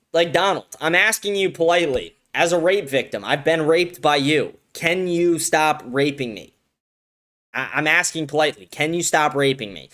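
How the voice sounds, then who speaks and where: A young man hosts a political commentary livestream in a fairly high-pitched voice. He rants crudely and swears freely. He breaks off to read out comments from his live chat and hit back at them. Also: a bit bright. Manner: crude, profane ranting and reading out live chat. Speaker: livestream host.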